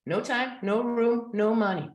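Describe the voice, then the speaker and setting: A woman's voice: a little high, measured pace. Earnest woman coach in a roomy space. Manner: earnest, storytelling, animated quotes. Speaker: coach and speaker. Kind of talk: motivational talk. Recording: roomy echo.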